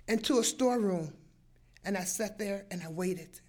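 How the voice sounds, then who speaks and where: An older woman telling a personal story, animated, acting out sounds and voices as she goes. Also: mid-range voice, normal speed.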